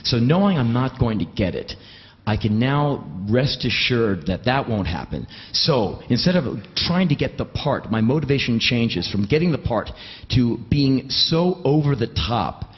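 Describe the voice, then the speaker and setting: A man's voice: medium pitch, sing-song, a little slow, lo-fi sound. A man doing live comic storytelling, wry and emphatic, swearing freely. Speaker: spoken word storyteller.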